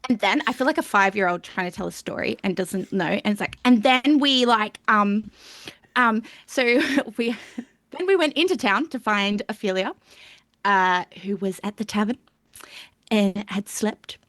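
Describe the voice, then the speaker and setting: A woman's voice: medium pitch, moderate pace, fairly bright tone, no room sound. A woman recapping a tabletop game session in a rambling, giggly way, stringing her story together with "and then". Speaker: player recapping the last session. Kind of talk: casual live-stream recap. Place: home streaming setup.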